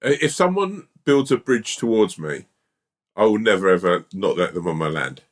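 A man's voice: sits low, big pitch swings, normal speed. A man co-hosting a podcast, telling stories in a casual chat. He laughs often and acts out bits of dialogue. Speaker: podcast co-host.

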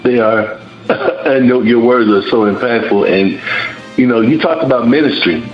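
A man's voice: mid-range voice, unhurried, roomy sound, lo-fi sound, faint music behind. A man hosting a panel discussion, reflective and affirming toward his guest.

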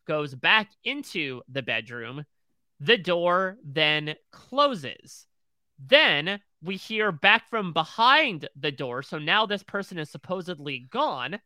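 A man's voice: high-pitched, bright, forceful tone, clean tone, dry recording. A man co-hosting a TV recap podcast, retelling scenes in close detail. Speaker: podcast co-host.

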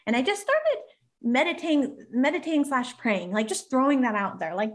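A woman in her forties hosting a podcast, telling a personal story in a lively, often laughing way. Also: high voice, moderate pace. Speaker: podcast host. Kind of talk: casual podcast conversation.

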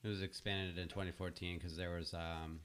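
A man's voice: low voice, level tone, fairly quick, fairly bright tone, a little hiss or hum. A man in casual podcast chat, talking matter-of-factly.

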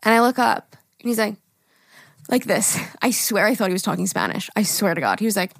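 A woman's voice: mid-range voice, brisk, creaky, no room sound, studio quality. A woman in her twenties co-hosting a podcast, telling stories in casual chat with frequent laughs and swearing. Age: 20s. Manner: animated storytelling, laughs often, swears. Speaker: podcast co-host.

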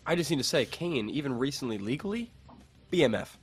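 A man co-hosting a sports radio show, getting excitable and building up to loud punchlines in casual banter. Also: mid-range voice, fairly quick, husky. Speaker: co-host.

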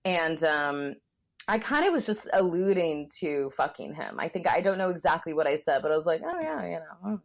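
A woman with a somewhat low voice tells a candid personal story on a podcast. She keeps things loose and chatty, scattering fillers and putting on the voices of people in her story. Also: big pitch swings, moderate pace, vocal fry. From Southern California. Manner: candid, frequent "like" fillers, acts out quotes. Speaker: comedian guest.

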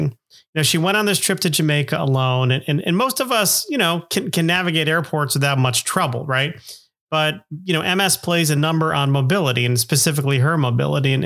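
A man's voice: fairly high pitch, lively intonation, fairly quick, vocal fry, fairly bright tone. A middle-aged man hosting a podcast, narrating casually in a rambling, self-deprecating way with many fillers. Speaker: podcast host.

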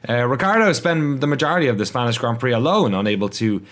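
A man's voice: mid-range voice, lively intonation, fast talker, a bit bright. A man hosting a casual motorsport news podcast, rambling with self-deprecating, sweary asides. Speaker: podcast host.

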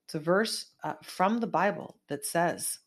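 A woman's voice: fairly low pitch, a little slow. A middle-aged woman from California hosting an online show, giving a rambling, emphatic commentary monologue full of asides. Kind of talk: casual political commentary monologue.

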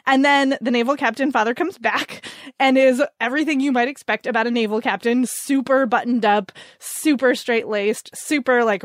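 Woman podcast host, bubbly and chatty, higher voice, dry booth sound. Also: no room sound. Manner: enthusiastic, laughs often, says "like" a lot. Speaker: podcast host recommending books. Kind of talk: casual chat.

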